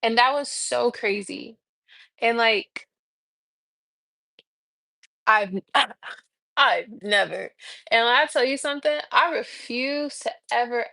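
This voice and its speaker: Woman in her thirties, casual livestream storytelling, exasperated and swearing, gravelly fry, dry sound. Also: fairly high pitch, a little slow, dry recording. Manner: animated, exasperated, swearing, many fillers. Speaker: massage therapist.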